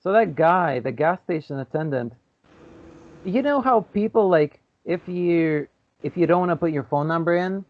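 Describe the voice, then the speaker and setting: A man's voice: fairly high pitch, moderate pace, no echo. Man telling stories over a tinny line. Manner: animated storyteller, acts out quoted voices. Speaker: podcast co-host. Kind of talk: casual chat. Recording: tinny phone-like audio.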